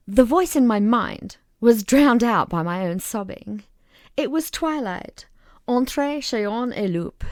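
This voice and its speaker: Brief: woman audiobook reader, unhurried and animated, slightly high, dry close sound. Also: no echo. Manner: slow, expressive narration. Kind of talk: reading a novel aloud.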